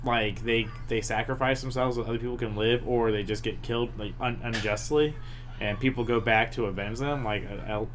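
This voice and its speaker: A man co-hosting a casual podcast chat, talking in an animated, loose way. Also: mid-range voice, fairly quick, slight background noise. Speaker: podcast co-host.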